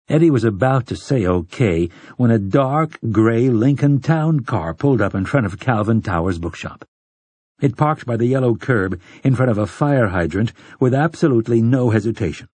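Husky-voiced male audiobook narrator. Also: mid-range voice, dry recording. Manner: measured, even storytelling. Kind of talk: scripted narration.

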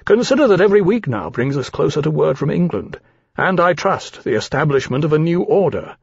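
A grave, formal captain, as an audiobook narrator plays him, measured and dry in his speech. The husky voice sits on a dry, slightly dull recording. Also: fairly high pitch, sing-song, dry recording, voice pushed up, heavily acted. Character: grave male naval-minded aviator captain, dry and measured.

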